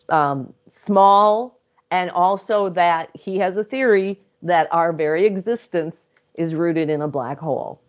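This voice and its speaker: A middle-aged woman with a slightly low voice tells her stories as an interview guest. She talks in a chatty, lively way, breaks into laughter often and slips into little acted-out quotes. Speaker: interview guest, psychic channel. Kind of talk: casual storytelling interview.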